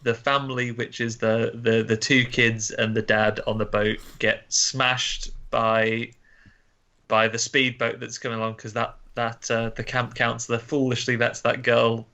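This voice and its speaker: A man with a bright, forceful voice chats on a film podcast. He explains the plot plainly and in a relaxed way. The recording sounds muffled and lo-fi. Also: mid-range voice, unhurried. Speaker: podcast co-host. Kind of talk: casual film chat.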